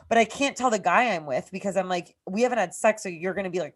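A woman in her thirties from Massachusetts co-hosts a casual podcast chat. She tells a personal story in a middle-pitched voice, swearing freely and stringing clauses together with "like". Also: fast talker, few pauses. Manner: profane, rambling, heavy use of "like". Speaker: podcast co-host.

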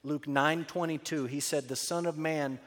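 Male pastor, sermon, emphatic storytelling, fairly high voice, long hall reverb. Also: fairly even intonation, moderate pace, a bit bright. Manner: emphatic, storytelling, drops to a low earnest tone for key points.

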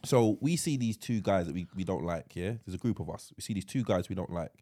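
A man's voice: deep voice, expressive, brisk, warm tone. A man co-hosting a podcast, teasing and doubting his friend in casual banter. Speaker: podcast co-host. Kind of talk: casual chat.

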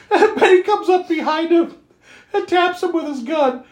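Animated podcast host recapping a film. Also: very high-pitched, unhurried, reverberant. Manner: animated, laughs often, swears casually. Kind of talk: casual movie recap chat.

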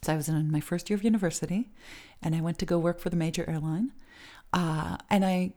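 A middle-aged woman speaking as an interview guest, her voice a touch low. She tells her stories in a chatty way, with plenty of fillers and laughs along the way. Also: fairly even intonation, a little fast, mellow. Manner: chatty, many fillers, laughs while telling. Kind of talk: casual interview storytelling.

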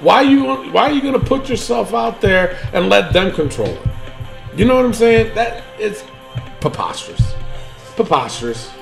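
Rambling, animated podcast host, high-voiced, swears a lot. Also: male voice, moderate pace, creaky, faint music behind. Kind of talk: casual wrestling chat.

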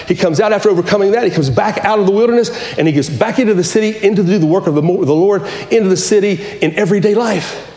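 Male pastor, high voice, passionate repetitive preaching, echoey room. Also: fast, few pauses, a little mellow. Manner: impassioned, repetitive preaching with restarts. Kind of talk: sermon.

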